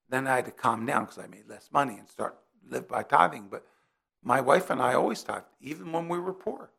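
A man's voice: mid-range voice, vocal fry, a bit bright, slightly rough. A middle-aged man from New Jersey preaching a sermon in a conversational way, weaving in personal stories.

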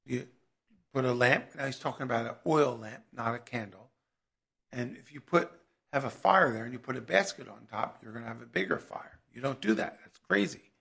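A man's voice: mid-range voice, normal speed, gravelly, a bit bright, husky. A man preaching a sermon in a conversational way that builds to emphatic peaks.

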